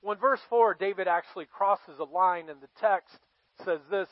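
A high-voiced male pastor delivers a sermon as casual storytelling. He pauses for effect and puts questions to his listeners. The recording is dry and slightly dull. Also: no echo. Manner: conversational storytelling, dramatic pauses, asks the audience questions.

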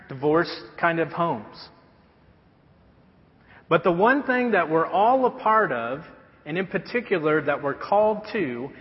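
A man in his thirties preaching a sermon in a church, earnest and storytelling, dropping to a hush on key phrases. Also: on the high side. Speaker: pastor. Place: church auditorium. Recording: muffled sound with long hall reverb.

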